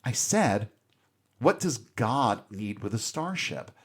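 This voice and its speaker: A man's voice: lowish voice, big pitch swings, slow, husky, exaggerated voice. Kirk: a man doing a blunt skeptical captain. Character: skeptical male starship captain, matter-of-fact.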